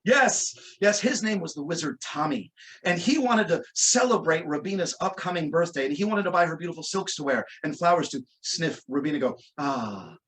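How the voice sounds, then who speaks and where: A man performing a comedic storytelling magic act over a video call, playful and teasing with quick asides. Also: a little high, lively intonation, a bit bright. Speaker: stage magician.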